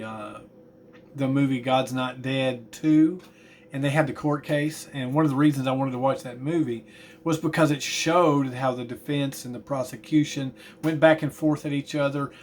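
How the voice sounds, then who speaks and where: A man's voice: fairly high pitch, slight background noise. A man teaching a class, talking in a tired, chatty way with asides about yawning. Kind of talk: classroom lecture.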